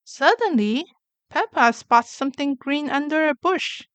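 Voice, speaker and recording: A woman reading a children's picture book aloud with slow, clear, gentle narration. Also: high-pitched, animated, dry recording.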